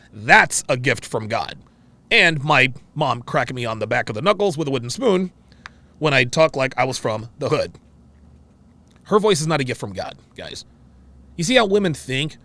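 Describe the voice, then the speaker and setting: A man's voice: a little high, bright, forceful tone, no room sound. A man hosting a reaction show, talking in a casual, exclamatory way and often repeating himself.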